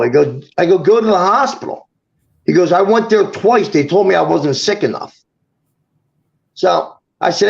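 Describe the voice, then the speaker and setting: A man with a high, gravelly voice tells a personal story in quick bursts, tripping over his words and quoting each person. The audio is dull and lo-fi. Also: a little mellow. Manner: rapid, halting retelling with many restarts and quoted dialogue. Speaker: guest telling a personal story. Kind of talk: emotional storytelling on a talk show.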